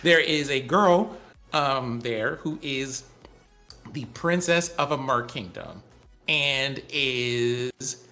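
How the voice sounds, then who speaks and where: A man's voice: mid-range voice, sharp tone. A man co-hosting a tech podcast in casual chat, explaining things at length with enthusiasm. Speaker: podcast co-host.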